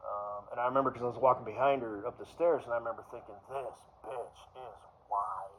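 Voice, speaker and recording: A man's voice: mid-range voice, steady tone, racing, slight background noise. A man rambling through a crude personal story, full of fillers, trailing off into mumbles. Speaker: vlogger. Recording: dull lo-fi recording.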